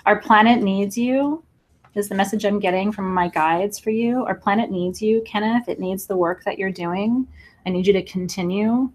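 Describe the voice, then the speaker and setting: A woman hosting a live crystal sale online, talking excitedly to viewers in an emotional, gushing way and laughing often. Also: mid-range voice, moderate pace, a little hiss or hum. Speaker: livestream crystal seller. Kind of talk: live sales stream, chatting with viewers.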